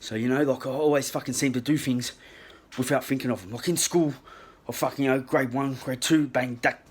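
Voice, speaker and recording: A man with an Australian accent telling a rambling, profanity-filled story into his phone in a casual, animated way. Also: mid-range voice, a little fast, husky. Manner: swears constantly, rambling and animated. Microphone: handheld phone.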